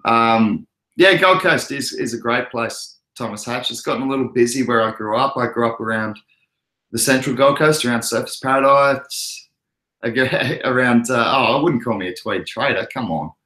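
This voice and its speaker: A young Australian man from Queensland talks in a relaxed, chatty way, answering messages from his viewers as he goes. His voice sits at a middle pitch, and the room around him gives it a noticeable echo. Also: normal speed. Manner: laid-back, chatty, answers chat messages. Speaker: crypto livestream host. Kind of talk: casual livestream chat. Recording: echoey room.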